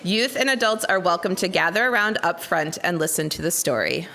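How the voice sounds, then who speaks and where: Brief: woman with a low, crisp, bright voice announcing story time. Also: lively intonation, a little fast. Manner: plain formal announcing. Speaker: service announcer.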